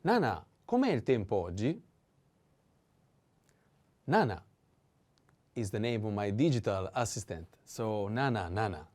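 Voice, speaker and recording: An Italian-accented man talks through a language lesson with a mellow, darker tone. His pitch moves in lively swings, and he takes his time. He patiently repeats each word with careful stress. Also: measured pace, pauses often. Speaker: language teacher.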